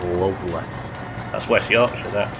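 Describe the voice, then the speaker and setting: A man's voice: on the low side, expressive, a little fast, poor audio. A man streaming a game live, chatting, joking and reading out viewer comments. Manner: chatty, reads chat aloud, jokey. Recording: game music behind.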